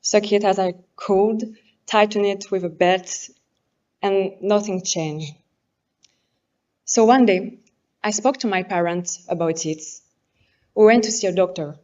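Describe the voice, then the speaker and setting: A woman in her twenties from France, a native French speaker with a French accent, giving an earnest, halting prepared speech as a pageant contestant and correcting herself as she goes. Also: mid-range voice, darkish tone, highs cut off. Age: 20s. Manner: apologetic and earnest, halting English with self-corrections.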